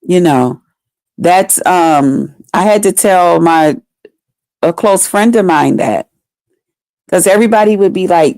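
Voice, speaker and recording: A woman's voice: lowish voice, takes it slowly, pauses often, a little mellow, no echo. A woman in her fifties chatting live with her viewers. She laughs often and answers them by name. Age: 50s. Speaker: livestreamer. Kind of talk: casual live chat with viewers.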